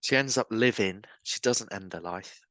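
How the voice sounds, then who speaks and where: A man's voice: on the low side, normal speed, pushed and bright, no room sound. A man, a street evangelist guest, telling stories earnestly and acting out the voices of people he quotes. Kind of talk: storytelling conversation.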